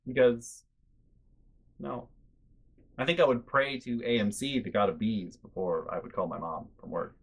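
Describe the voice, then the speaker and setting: A man's voice: mid-range voice, normal speed, pauses often, husky. A man hosting a storytelling vlog, chatty and exasperated as he tells a family story. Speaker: host.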